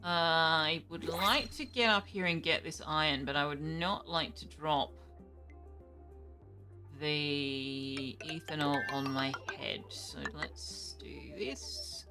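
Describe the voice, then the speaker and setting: A young woman streaming a game, chatting casually and thinking aloud, reacting with quick surprise to what happens. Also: low-pitched, over music. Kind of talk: casual live gameplay commentary.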